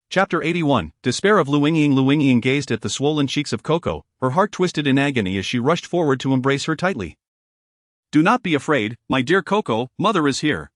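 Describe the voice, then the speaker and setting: A male audiobook narrator reading a serialized novel in a steady, formal way. His voice sits a little higher than most men's, and the recording is dry and close with no room sound. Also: no room sound. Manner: even, formal storytelling.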